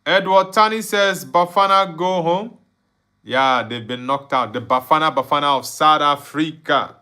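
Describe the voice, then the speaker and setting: A man's voice: on the high side, measured pace, sharp tone, smooth. A young Nigerian man hosting a live football watchalong, reading viewer comments aloud and bantering with frequent laughs. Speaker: livestream host.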